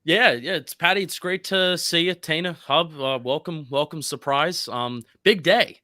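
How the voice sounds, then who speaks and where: A man rambles casually about football, often restarting his sentences. His voice is bright and a bit high, and the sound is dry. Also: lively intonation, brisk, few pauses, dry recording. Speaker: sports content creator. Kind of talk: casual sports chat.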